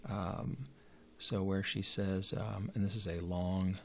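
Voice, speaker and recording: Guy with a low flat voice going through a novel, lots of uh's, faint hiss behind. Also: slow. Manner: hesitant, many uh fillers and restarts. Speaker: literature teacher. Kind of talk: lecture.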